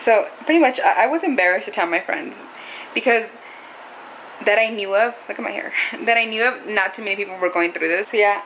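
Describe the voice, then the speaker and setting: A woman's voice: mid-range voice, fairly bright tone, slight background noise, rough recording. A young adult woman talking to camera in a casual, confessional vlog, rambling and saying "like" a lot. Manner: rambling, heavy use of "like". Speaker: vlogger.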